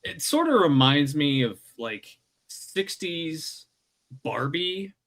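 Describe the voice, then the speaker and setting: A man's voice: fairly high pitch, expressive, slow, fairly bright tone. A man co-hosting a casual podcast chat about comics, often laughing and asking questions. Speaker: podcast co-host.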